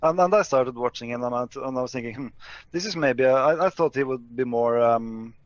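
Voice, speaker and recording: A man's voice: mid-range voice, a little fast, smooth, no echo, lo-fi sound. A man in a casual argument who answers hesitantly and defensively, with many fillers and restarts.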